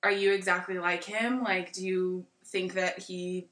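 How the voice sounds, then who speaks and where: Bright-voiced American woman in an echoey room. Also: lowish voice, little pitch movement, unhurried. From California, USA. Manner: chatty storyteller, laughs often. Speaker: podcast guest. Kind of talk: casual chat. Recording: echoey room, mic far off.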